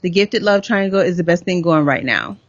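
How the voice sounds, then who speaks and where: A woman's voice: fairly low pitch, brisk, no room sound, highs cut off. A middle-aged woman co-hosting a podcast, chatting casually and telling stories with lots of laughter. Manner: animated, laughing storyteller. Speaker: podcast co-host. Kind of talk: casual chat.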